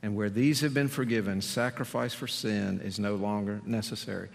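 A man's voice: fairly low pitch, fairly even intonation, moderate pace, vocal fry. A man preaching a sermon as pastor, earnest and building to emphatic, repeated appeals. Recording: long reverb in a large hall.

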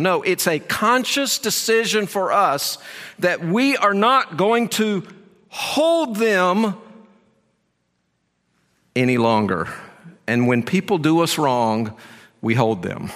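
A man preaching a sermon as pastor, earnest and emphatic, moving between firm statements and hushed asides. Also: sits high, expressive, slow pace, pauses often. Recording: long reverb of a large hall.

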